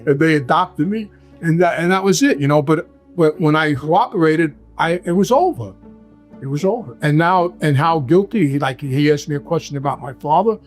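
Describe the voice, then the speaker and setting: A man's voice: on the high side, lively intonation, fairly quick, soft background music. A man with a New York accent, a guest telling rambling stories in casual talk, often stopping to ask "right?" and restarting his sentences. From Brooklyn, New York. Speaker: guest, former mobster. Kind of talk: casual storytelling.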